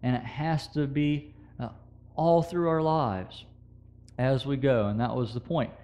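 A man's voice: mid-range voice, measured pace, warm tone. A man preaching a sermon, talking through scripture in a conversational way with quoted verses and asides to the congregation.

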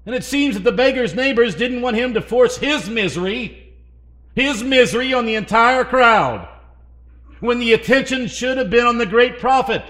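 Male preacher, high tenor, bright edge; dynamic sermon delivery with questions to the room. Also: lively intonation, moderate pace. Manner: dynamic, swinging between loud emphasis and hushed asides; asks the congregation questions.

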